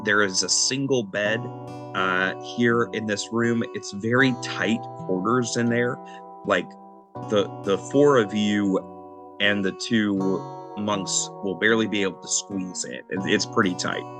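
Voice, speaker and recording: A man's voice: on the low side, a little slow, music in the background. A man narrating as game master of a tabletop role-playing session, describing scenes in a loose, casual way with fillers.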